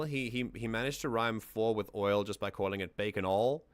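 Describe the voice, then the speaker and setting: Male streamer, lowish and clean-toned, dry close sound, thinks aloud while breaking down lyrics. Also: moderate pace, no room sound. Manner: musing, thinks aloud with restarts. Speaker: stream host. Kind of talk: casual lyric analysis on a livestream.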